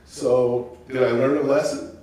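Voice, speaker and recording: A man in his sixties giving a calm, reflective personal testimony as a guest speaker in a church. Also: mid-range voice, unhurried. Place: church sanctuary. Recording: very echoey room, mic at a distance.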